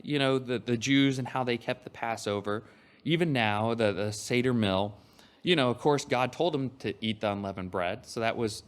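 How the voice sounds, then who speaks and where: A man preaching a sermon, reading scripture aloud and explaining it in a conversational way, with frequent fillers and restarts. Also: medium pitch.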